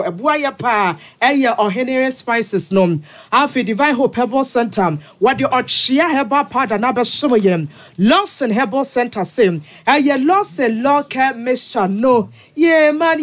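Lively Ghanaian radio presenter. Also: male voice, extremely high pitch. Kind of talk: news and ad reading.

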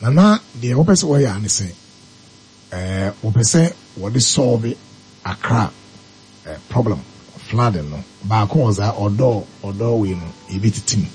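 A man's voice: lowish voice, expressive, a little slow, a little mellow, soft background music, low-quality recording. A man with a Ghanaian accent, explaining step by step as a talk-radio commentator and mixing English terms into his speech. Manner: mixes local language with English, explaining step by step.

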